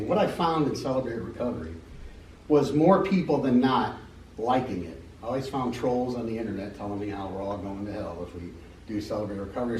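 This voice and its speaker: A man's voice: mid-range voice, a little hiss or hum. A middle-aged American man giving an unscripted personal testimony at a church meeting, rambling and joking as he tells stories. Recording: echoey hall from a distance.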